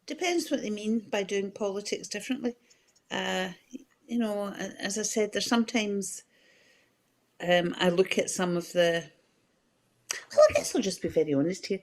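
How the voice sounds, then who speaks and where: A middle-aged Scottish woman giving candid political comment in a news discussion, talking conversationally with many fillers and restarts. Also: mid-range voice.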